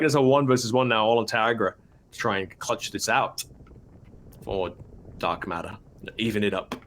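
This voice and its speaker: A man calling a live esports match play-by-play, bursting into high shouts at big plays. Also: a little hiss or hum. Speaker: esports caster.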